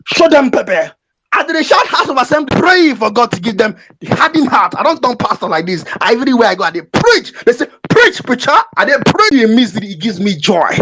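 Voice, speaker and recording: A speaker with a Nigerian accent, ranting on a live audio chat in a mocking, fiery way that slips into Pidgin and breaks into shouts. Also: mid-range voice, big pitch swings, a little fast, a little hiss or hum, low-quality recording. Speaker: caller.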